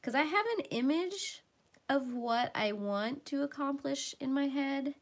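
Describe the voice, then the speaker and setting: A woman hosting a casual livestream from home while she colors. She chats along and sometimes drops into soft murmurs as she works. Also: high voice, unhurried. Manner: chatty, drifts into soft murmurs while working. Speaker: livestream host.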